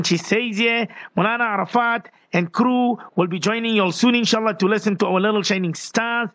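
A man hosting a call-in radio show, his voice high for a man. He reads a number out slowly, over and over, and greets listeners one by one. The studio sound is dry and close. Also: a bit bright, no echo. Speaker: radio host.

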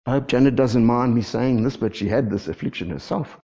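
A man preaching a lively sermon as pastor, often checking in with the congregation. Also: medium pitch, a little fast. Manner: lively preaching with frequent call-and-response asides. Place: church. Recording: dull lo-fi church recording.

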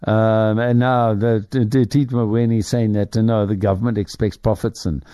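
A man's voice: fairly low pitch, level tone, normal speed, dark tone, clean tone, no room sound, studio quality. A man hosting a talk show, telling a rambling story full of restarts and chuckles. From Ireland. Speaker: radio talk host. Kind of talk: casual rambling monologue.

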